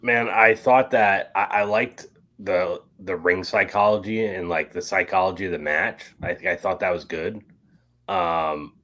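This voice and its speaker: A man's voice: deep voice, a bit bright. A man co-hosting a casual review chat, laid-back and hesitant, with lots of filler words. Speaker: co-host.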